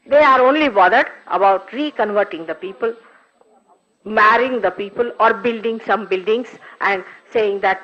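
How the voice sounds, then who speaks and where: A woman's voice: mid-range voice, moderate pace. An older woman, a spiritual teacher, giving a recorded talk with emphatic, scolding rhetorical questions. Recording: dull lo-fi archive recording.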